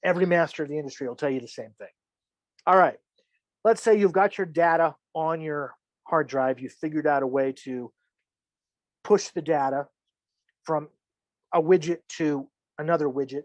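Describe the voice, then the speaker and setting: High-voiced man teaching casually. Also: moderate pace, dry recording. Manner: chatty, joking, acts out imagined reactions. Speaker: filmmaking instructor.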